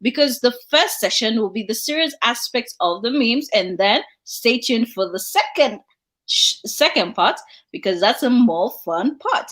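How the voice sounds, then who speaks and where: An upbeat woman hosting a live online talk show, moving things along at a quick clip. Her voice is on the higher side. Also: a bit bright, poor audio. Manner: upbeat, quick, laughs often. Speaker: host.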